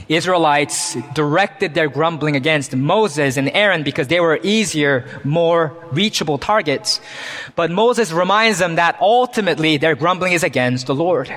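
A man's voice: fairly high pitch, moderate pace, fairly bright tone, in a large hall. A man preaching a sermon as pastor, earnest, reading scripture with rising emphasis. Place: church.

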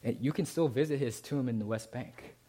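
A man preaching a sermon, who often asks the congregation "right?" and moves between emphatic climbs and soft, low passages. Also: brisk, a little hiss or hum. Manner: rising to emphatic peaks, then dropping soft and low. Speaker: pastor.

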